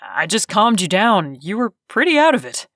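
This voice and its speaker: A woman voicing a steady, guarded grown man on the run, speaking low, terse and firm in an audiobook. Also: normal speed, no echo, clean studio sound.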